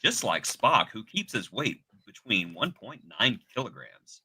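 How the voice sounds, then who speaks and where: Guy hosting a podcast, super bright punchy voice, jokey and lively. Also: lowish voice, measured pace, slightly rough. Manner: joking, theatrical, animated. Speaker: podcast host. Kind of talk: casual banter on a streamed podcast.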